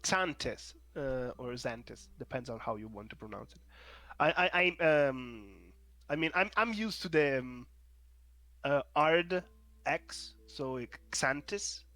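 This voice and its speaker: A man's voice: mid-range voice, lively intonation, measured pace, pushed and bright, no echo, soft background music. A man running a tabletop game as game master, describing scenes hesitantly with fillers and restarts over an online call.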